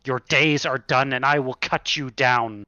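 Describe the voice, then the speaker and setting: A wrathful knight commander hurls booming accusations, as a man puts him on. The voice is bright and forceful, slow, dry and close, on a slightly muffled lo-fi recording. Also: fairly even intonation, no room sound. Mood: angry.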